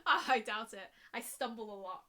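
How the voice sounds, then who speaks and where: A woman's voice: fairly high pitch, animated, normal speed, bright, forceful tone. A woman streaming a game, chatting casually and joking at her own expense. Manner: jokey, self-mocking, laughs often. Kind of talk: casual gameplay chat.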